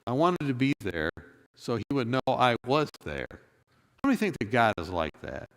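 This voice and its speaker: A man's voice: mid-range voice, sing-song, normal speed. A man preaching a sermon, telling a personal story and acting out the dialogue, then rising to emphatic moments. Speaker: pastor. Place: church.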